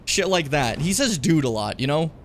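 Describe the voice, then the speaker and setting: A man's voice: on the high side, sing-song, moderate pace. A young man from Edmonton, Canada, rambling and joking as he plays a video game, swearing often. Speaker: streamer. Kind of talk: casual gameplay commentary.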